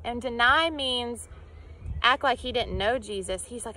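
Woman doing a slow bible story for kids, bright lively voice, faint hum in the room. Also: fairly high pitch. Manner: animated storyteller, acting out voices, asking children questions. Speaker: children's church teacher. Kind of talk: telling a Bible story to children.

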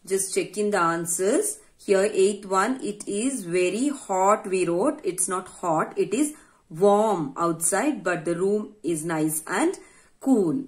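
Speaking slowly in an animated, medium-pitched voice, a woman teacher with an Indian English accent takes young children through a grammar worksheet with patience, asking herself questions along the way.

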